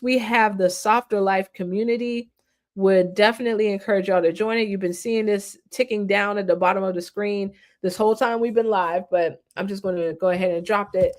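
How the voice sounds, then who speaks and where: A woman with a slightly low voice talks casually through a live stream demo. She keeps it upbeat and slangy, like she's showing friends around. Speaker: host. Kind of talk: live-stream platform walkthrough.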